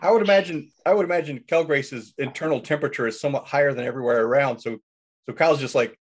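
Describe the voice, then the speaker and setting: A man at a tabletop game, talking casually and tripping over his starts as he works out what he means. His pitch sits in the ordinary middle range. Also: highs cut off. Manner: halting, stops and restarts mid-thought. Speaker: player.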